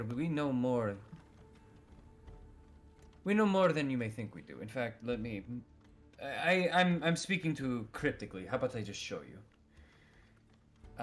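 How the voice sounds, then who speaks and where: A man's voice: medium pitch, close to an everyday voice. A man doing a formal old wereraven patriarch. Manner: formal, measured, slightly cryptic. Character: elderly male wereraven vintner patriarch.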